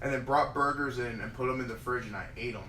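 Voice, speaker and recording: A man's voice: medium pitch, quick pace, pushed and bright, a little hiss or hum. Laid-back young man, roomy echo. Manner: laid-back, profane, laughs easily. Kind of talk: casual chat. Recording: roomy room, distant mic, other voices around.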